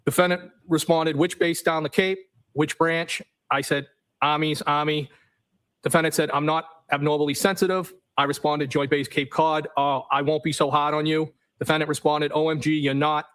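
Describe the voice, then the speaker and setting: Man testifying, reading texts out loud. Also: fairly high pitch, normal speed, smooth, rough recording. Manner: reads messages in an even, matter-of-fact way, speaking the punctuation aloud. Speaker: trial witness. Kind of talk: courtroom testimony, reading text messages aloud.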